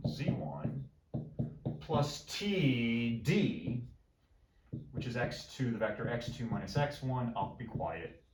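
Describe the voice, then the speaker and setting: A man gives a math lecture in a room with a lot of echo. He repeats himself often, mutters as he writes, and makes playful asides to his students. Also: medium pitch. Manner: repeats phrases, jokes with students, talks to himself while writing. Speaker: math professor. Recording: roomy echo.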